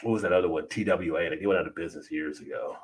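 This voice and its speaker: A man's voice: low voice, rapid-fire. A man hosting a casual live beer chat, telling stories with emphatic repeats. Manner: animated storytelling, emphatic repeats. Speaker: host.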